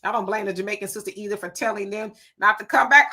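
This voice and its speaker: Sassy, bright-voiced woman streamer. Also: mid-range voice, fast, breathy edge. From Southern California. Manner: animated, sassy, reacts with laughs and asides. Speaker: livestream host reading viewer comments. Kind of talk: casual live-stream chat.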